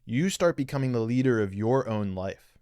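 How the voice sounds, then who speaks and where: A man's voice: medium pitch, expressive, normal speed, dark tone, dry recording, clean studio sound. A man hosting a podcast, giving an earnest spiritual teaching monologue and coaching listeners directly, with a lot of repetition. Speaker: podcast host. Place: live stream reading viewer comments.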